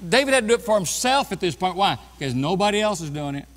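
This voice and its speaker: A man preaching a sermon as pastor, swinging from loud bursts down to quiet, low passages. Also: sing-song, quick pace, long reverb tail. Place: church sanctuary.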